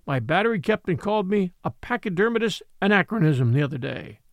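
This is a storybook elephant, timid and thoughtful, who speaks gently as if explaining something. A man acts him out in a fairly high voice that rises and falls a lot. The sound is dry and close, with no room around it. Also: sing-song, a little fast, vocal fry, no echo, heavily acted. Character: old gurgly elephant, gun-team beast, timid and thoughtful.

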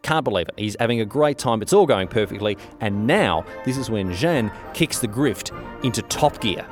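A man's voice: lowish voice, animated, normal speed, music in the background. A man retelling history as a chatty, slangy story, full of asides and filler words. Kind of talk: casual storytelling.

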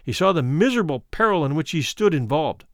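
A man narrating a classic story as an audiobook, in an expressive, dramatic way. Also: on the high side, fast talker, dry recording, clean studio sound.

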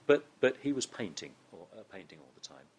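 A man's voice: mid-range voice, lively intonation, a little fast, husky. A man with a Southern English accent, a guest in an interview, telling a story with many restarts. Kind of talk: conversational interview.

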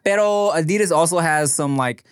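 A man's voice: a little high, normal speed, clean tone, no echo, studio quality. A man co-hosting a casual podcast chat, playful and laughing often, breaking into sing-song rhymes. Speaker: podcast co-host.

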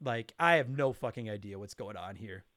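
A man co-hosting a podcast in casual chat, animated and profane as he rants. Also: fairly low pitch, normal speed, no echo, studio quality. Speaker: podcast co-host.

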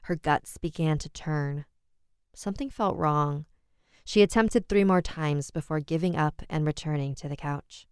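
A woman telling a horror story in a measured, dramatic style. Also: deep voice, darkish tone, clean tone, no room sound, clean studio sound. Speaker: narrator. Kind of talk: scripted horror narration.

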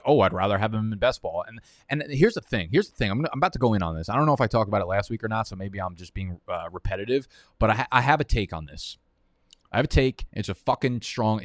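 A man's voice: on the low side, no echo, clean studio sound. A young man streaming live, rambling through fantasy football draft picks in profane, heated rants. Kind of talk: casual live-stream commentary while drafting.

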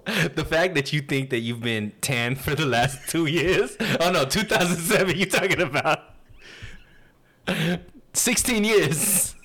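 A man's voice: on the high side, a little slow, a bit bright. A young man co-hosting a podcast, teasing his partner in a laid-back way and laughing often. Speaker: podcast co-host. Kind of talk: casual chat.

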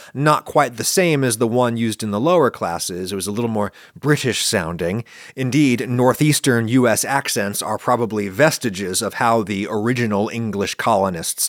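A man's voice: fairly low pitch, dry recording, clean studio sound. Wry man with a northern US accent. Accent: general northern US. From central Pennsylvania, US. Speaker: host answering viewer questions. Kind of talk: casual explanatory monologue.

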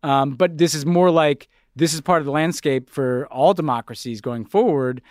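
Animated man co-hosting a podcast, fond of restarts. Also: on the high side, normal speed, no room sound, clean studio sound. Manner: animated, repeats words when starting sentences. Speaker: podcast co-host. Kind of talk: casual political chat.

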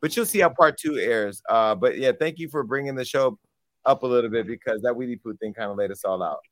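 A man's voice: medium pitch, a little fast, a bit bright, no room sound. A man hosting a talk show, chatting casually and rambling, with many fillers and restarts. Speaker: show host.

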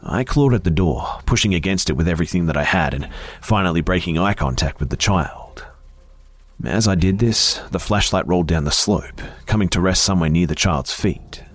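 Low husky man narrating horror. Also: lively intonation, no echo. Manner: slow, hushed storytelling with frequent whispers.

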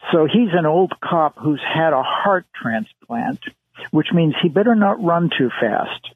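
A man's voice: on the high side, sing-song, a little slow, husky, dry recording. A man on a radio show giving enthusiastic, opinionated views on film actors. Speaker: film critic guest. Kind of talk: casual radio interview. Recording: muffled radio broadcast.

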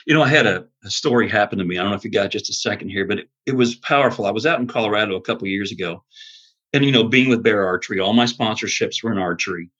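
Casting: husky man telling an earnest field story, on a dull lo-fi recording. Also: on the low side, fast. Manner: earnest, animated storyteller with many restarts. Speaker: podcast guest, bow hunter. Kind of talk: storytelling in casual conversation.

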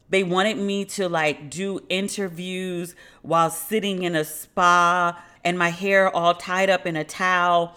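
A woman's voice: fairly low pitch, normal speed, sharp tone. A woman hosting a podcast, telling a story in a candid, slangy and sardonic way. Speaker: podcast host. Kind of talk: casual storytelling monologue.

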